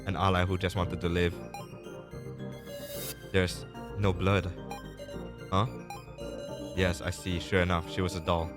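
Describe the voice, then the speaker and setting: Deep-voiced man reading game text slowly. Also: flat delivery. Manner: reads out several characters in turn. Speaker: streamer. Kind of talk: reading game dialogue aloud. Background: game music.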